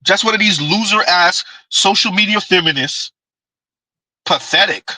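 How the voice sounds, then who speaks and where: Male streamer, sarcastic reaction commentary; high voice with a piercing edge. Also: moderate pace, pushed and bright, no room sound, low-quality recording. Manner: mocking, sarcastic.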